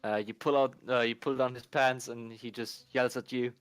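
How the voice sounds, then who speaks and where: A man narrating as game master for a tabletop game, halting with many ums and restarts. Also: mid-range voice, little pitch movement, smooth, dry recording, soft background music.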